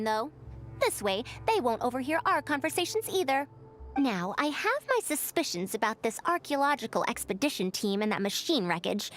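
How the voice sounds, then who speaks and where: Faruzan, a proud, sharp scholar. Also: female voice, sits high. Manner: measured, confident and inquisitive, slightly formal. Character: proud, sharp-minded female scholar of old machines.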